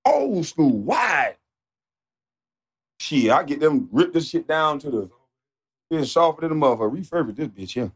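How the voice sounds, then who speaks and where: A man streaming live, ranting off the cuff in a profane, mocking, animated way that sometimes turns to shouting. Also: a little high, normal speed, long pauses, slightly rough. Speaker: livestreamer. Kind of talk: off-the-cuff livestream rant.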